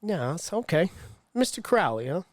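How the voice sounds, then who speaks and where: A man's voice: sits high, big pitch swings, moderate pace, no room sound. A man co-hosting a podcast in casual chat, joking and laughing often. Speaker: podcast co-host.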